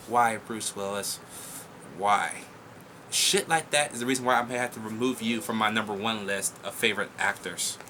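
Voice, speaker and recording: A young man hosting a casual viewer Q&A vlog, blunt, profane and excitable as he reads and answers questions. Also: medium pitch, slight background noise.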